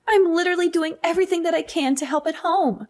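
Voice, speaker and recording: A woman's voice: very high voice, quick pace, a little mellow. A young woman narrating a scripted family drama as herself, defensive and exasperated. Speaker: story narrator playing herself.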